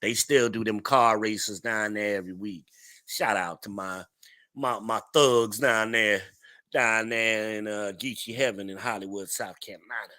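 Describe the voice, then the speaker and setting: A man's voice: on the low side, fairly even intonation, measured pace, bright, forceful tone. A man hosting a podcast livestream, chatting casually, reading out comments and laughing often. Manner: chatty, reads chat aloud, laughs often. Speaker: podcast host.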